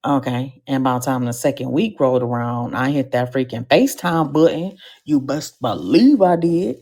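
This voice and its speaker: Woman, podcast host, very low voice, gravelly, slangy animated storytelling, live show. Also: normal speed. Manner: animated, slangy storytelling with comic asides to the audience.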